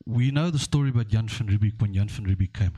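A man's voice: lowish voice, quick pace, dark tone, breathy edge. A man hosting a podcast, rambling through stories and history while checking in with "okay?". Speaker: podcast host. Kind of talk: casual podcast discussion.

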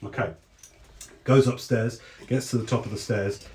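A man narrating as game master, relaxed and hesitant with many restarts. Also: medium pitch, moderate pace.

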